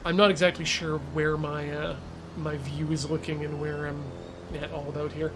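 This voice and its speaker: This man's slightly high voice keeps a level tone at a moderate pace. Streaming a sim racing game with engine and track sounds beneath him, he chats loosely, talks himself through the driving, and jokes with the audience.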